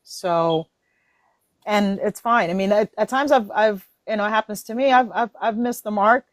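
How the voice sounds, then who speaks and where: A woman in a casual faith-based discussion, animated and laughing, acting out her own inner voice. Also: mid-range voice, normal speed, no echo.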